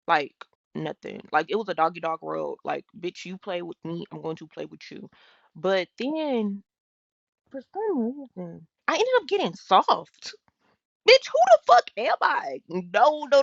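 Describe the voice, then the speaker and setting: This young woman, an influencer from Houston, Texas, rants casually and profanely at her livestream audience, not mincing words. Her voice is fairly low and gravelly with a bit of brightness, recorded with no room sound and the highs cut off.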